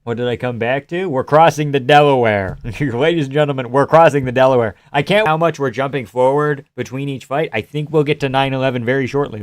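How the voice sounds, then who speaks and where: A man's voice: mid-range voice, smooth, no room sound. A young man from Canada chatting casually on a livestream, reading the chat aloud, cursing a lot and making dry jokes. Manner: profane, sardonic, reads chat aloud. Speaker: livestream host.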